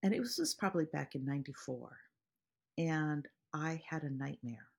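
A woman's voice: low voice, expressive, normal speed, vocal fry, slightly rough. A woman meditation teacher speaking to podcast listeners in an earnest way, explaining ideas through everyday examples and stories.

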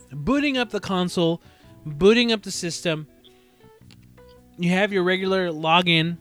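High-voiced man hosting a casual chat. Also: fairly bright tone. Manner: loose and swearing, acts out little exchanges. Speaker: podcast host.

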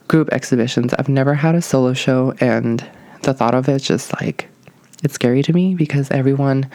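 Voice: medium pitch, warm tone, no echo. A young adult podcast host talking casually on their own, nervous and out of breath, rambling with lots of fillers and hedges. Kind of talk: casual solo podcast monologue.

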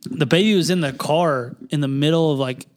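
A young man, co-hosting a podcast and telling a story in casual, swearing chat. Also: fairly quick. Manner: animated, swearing, jumps to high pitch for quoted voices. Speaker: podcast co-host.

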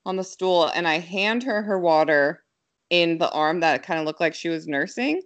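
A young woman with a slightly low voice tells stories briskly and with animation, her casual chat quick and packed with fillers.

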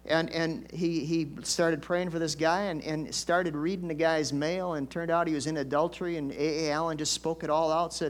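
A man's voice: fairly high pitch, fairly even intonation, moderate pace, few pauses. An older man, a pastor, preaching a conversational storytelling sermon with folksy asides and emphatic swells.

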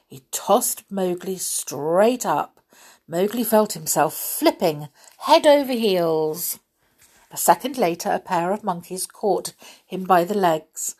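Slow breathy woman reading a children's story. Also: on the low side, lively intonation. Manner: gentle, chatty, with fillers between sentences.

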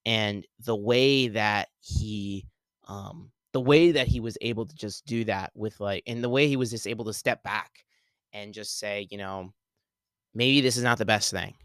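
A man's voice: fairly low pitch, measured pace, a bit bright, clean tone, no echo. A young man hosting a podcast alone, rambling through a casual spoiler talk with many fillers and restarts. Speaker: podcast host.

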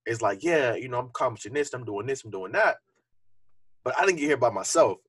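A young man speaking fast in a relaxed, earnest podcast chat, his voice a little husky. He reflects openly and keeps the talk loose with fillers. The sound is close and dry, with no room around it. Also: mid-range voice, no room sound. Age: young adult. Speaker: podcast co-host. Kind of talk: casual podcast conversation.

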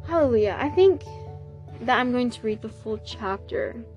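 A woman hosting a casual devotional podcast, reading scripture aloud in an excitable, effusive way and sprinkling in hallelujahs. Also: fairly high pitch, moderate pace, soft background music.

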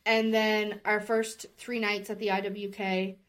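A woman's voice: mid-range voice, little pitch movement, measured pace. A woman in her thirties, a podcast guest, candidly telling a personal story with open emotion. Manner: earnest and openly emotional, speaking candidly.

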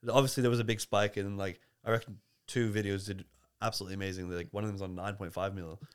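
A man's voice: on the low side, little pitch movement, quick pace, clean tone. An Australian man who is a barista and coffee creator, a guest chatting casually in a podcast interview, rambling with lots of fillers and restarts.

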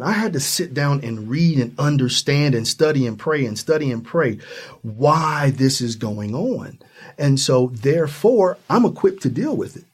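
A man from Ohio in the US Midwest, a guest in a conversational interview, talking earnestly and acting out the people in his stories. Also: slightly rough. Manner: earnest, animated storytelling, acts out high-pitched quoted voices.

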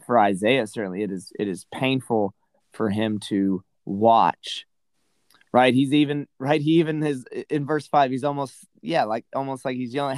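A man's voice: medium pitch, normal speed, darkish tone, dry recording, low-quality recording. A man casually discussing a Bible passage as a podcast co-host, rambling with many "right?" and "you know" asides.

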